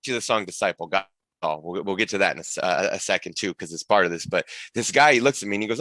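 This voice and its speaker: A man's voice: low voice, fast, pushed and bright, no room sound. A man telling stories as a podcast guest in casual conversation, rambling with frequent restarts and asides.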